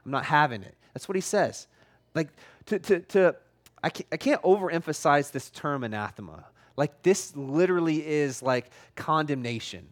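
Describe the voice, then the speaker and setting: A man preaching with a voice pitched a little higher than most men's. His talk is loose and conversational, full of "like", and he pushes his points bluntly with growing force. He sounds like a pastor talking straight to his congregation. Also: lively intonation, moderate pace. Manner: conversational and emphatic, heavy use of "like". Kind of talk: sermon.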